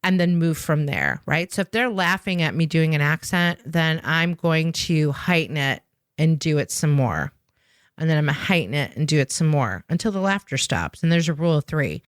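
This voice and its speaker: Here the sales trainer with improv roots speaks in a deep, animated voice at a normal pace, recorded cleanly in a studio with no room sound. She gives an emphatic, energetic podcast explanation, frequently ending points with a questioning "right?"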